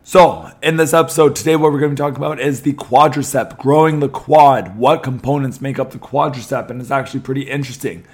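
A young man talks through his podcast in a loose, chatty way, leaning on ums and restarting his sentences. His voice is a little hoarse. He has a mid-range pitch. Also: fast talker, hardly any pauses. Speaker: podcast host. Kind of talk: casual podcast talk.

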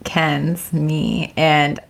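Gravelly-voiced bubbly woman podcast host. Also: low voice, flat delivery, extremely slow. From California. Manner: bubbly, exclamatory. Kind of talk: casual chat.

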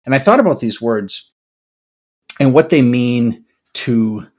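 The older man hosting this podcast has a medium-pitched, slightly mellow voice, expressive and slow-paced. He works through his ideas casually and thoughtfully, repeatedly restarting what he says.

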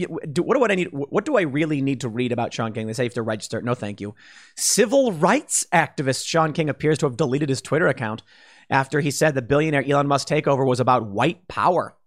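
Animated man hosting opinion commentary. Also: medium pitch. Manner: animated, sarcastic, acts out mocking voices. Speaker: commentary show host.

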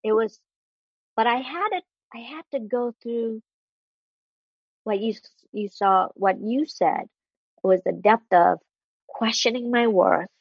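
A woman guest speaking candidly and earnestly about a hard personal experience, with halting restarts as she talks. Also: a little high, slightly rough, no echo, highs cut off. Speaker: interview guest. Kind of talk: candid personal storytelling in conversation.

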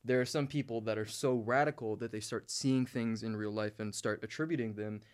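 A man's voice: lowish voice, steady tone, fairly quick, clean tone. A man co-hosting a comedy podcast, rambling through stories in a laid-back, swearing way. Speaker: podcast co-host. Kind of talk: casual comedy podcast banter.

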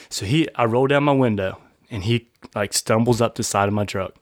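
A man's voice: lowish voice, brisk, no echo, clean studio sound. A man of about thirty, a podcast host, telling a story casually and acting out the quotes, often laughing. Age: 30s.

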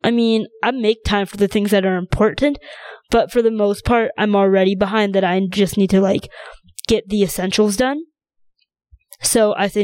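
A woman's voice: medium pitch, fairly even intonation, moderate pace, a little mellow, no echo. A young woman hosting her own podcast, rambling in a casual, chatty way with plenty of fillers. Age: young adult. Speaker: podcast host. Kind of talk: casual solo chat.

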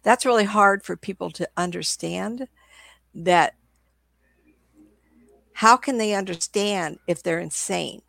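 An older woman, a psychic medium appearing as a guest, tells stories in a rambling, casual chat full of restarts, her throat audibly sore. Her mid-range voice is slow, gravelly and a bit bright, with frequent pauses and no room sound.

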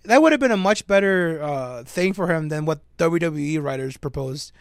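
On a casual podcast, a young male co-host with a fairly high voice tells a story animatedly, adding jokey asides. His voice is creaky yet smooth at a moderate pace, and the recording is dry, close to the mic, and echo-free.

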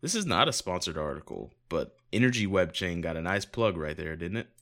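A man's voice: low voice, sing-song, fairly quick, a bit bright. Sarcastic man reading crypto news aloud. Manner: sarcastic, swears casually, reads articles aloud with jokey asides. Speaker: podcast co-host.

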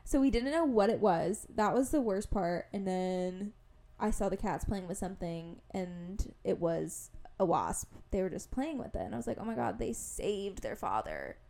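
A woman's voice: medium pitch, normal speed. A young woman co-hosting a podcast, telling a story in casual chat, acting out quotes and saying "like" a lot. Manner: animated storytelling, acts out quotes, many "like"s. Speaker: podcast co-host.

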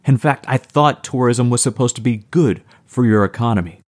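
A man's voice: medium pitch, moderate pace, voice pushed up, lightly acted. A man reading the lines of a sarcastic, cocky male publisher in an audiobook. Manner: sarcastic, mocking.

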